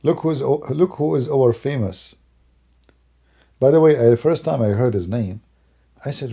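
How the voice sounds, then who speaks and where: Man, hoarse, native Arabic speaker, husky, very dark voice, rambling casual talk. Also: medium pitch, moderate pace, long pauses. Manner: rambling, musing, broken English. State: hoarse, losing his voice. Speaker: livestream host.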